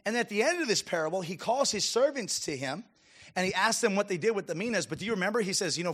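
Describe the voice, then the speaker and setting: A man's voice: high voice, expressive, quick pace, a bit bright, breathy edge. A man preaching a sermon as a pastor, emphatic and calling out to his congregation. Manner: emphatic preaching with audience call-outs.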